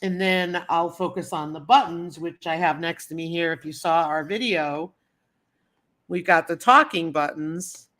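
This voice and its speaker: A woman's voice: lowish voice, a bit bright. A woman hosting a casual livestream, chatting in a rambling way and greeting viewers in the chat. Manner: chatty, greets viewers and answers chat comments as she talks; rambling storytelling with many fillers and repeats. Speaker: livestream host.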